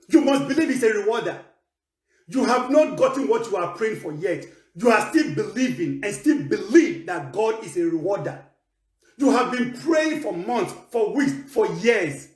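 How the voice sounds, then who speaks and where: A man's voice: high-pitched, echoey room. A man preaching a sermon with emphasis, repeating key phrases to drive them home.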